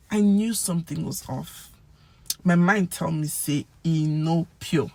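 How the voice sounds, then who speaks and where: A woman with a Nigerian accent giving a casual language lesson, acting out example phrases with lively swings in pitch and loudness. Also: slow, dry recording. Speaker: language teacher.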